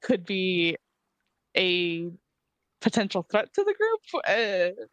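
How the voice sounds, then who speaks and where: A woman's voice: fairly low pitch, big pitch swings, slow pace, a bit bright, no room sound. A woman playing in a tabletop game, chatting bluntly and swearing freely. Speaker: player. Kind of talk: casual chat.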